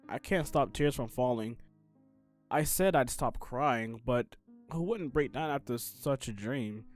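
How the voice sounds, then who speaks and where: A man's voice: medium pitch, lightly acted. A man reading the inner thoughts of a sad, anxious teenage schoolgirl from a game, in the first person, in his own everyday voice. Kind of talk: game text read aloud.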